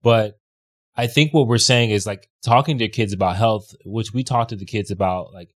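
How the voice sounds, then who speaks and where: A man's voice: on the low side, fairly even intonation, moderate pace. A man co-hosting a casual podcast, telling a story in a hesitant way, full of fillers and restarts. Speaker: podcast co-host. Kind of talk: casual chat.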